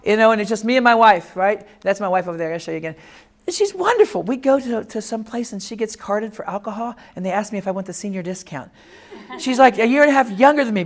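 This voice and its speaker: Brief: man in his fifties, lively comic storyteller, warm-up talk in a classroom. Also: high voice. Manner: animated storyteller, lively jokes, acts out voices. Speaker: speaker. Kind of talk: humorous personal talk. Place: classroom or lecture room.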